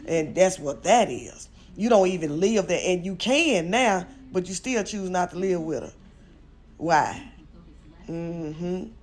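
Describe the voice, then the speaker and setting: A woman's voice: fairly low pitch, expressive, slow pace, darkish tone. Chatty older woman recapping. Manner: chatty, opinionated, speaks straight to viewers. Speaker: reality show commentator. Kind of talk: casual commentary recap.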